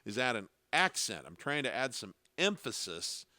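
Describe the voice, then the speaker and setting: A man teaching piano in a relaxed, explanatory way, counting beats aloud as he plays. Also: mid-range voice, moderate pace. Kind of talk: casual piano lesson with sung demonstrations. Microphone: studio dynamic microphone. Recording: piano playing loudly under the voice. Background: loud piano.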